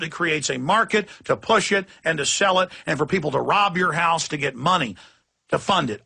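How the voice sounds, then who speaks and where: A man's voice: high voice, gravelly, pushed and bright, breathy edge. A man hosting a radio talk show, delivering an impassioned, ranting monologue and acting out quoted voices.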